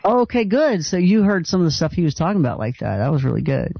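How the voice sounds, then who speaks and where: High-voiced, chatty male radio host. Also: sing-song, fast, vocal fry, dry recording, highs cut off. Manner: enthusiastic and chatty. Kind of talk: radio call-in chat.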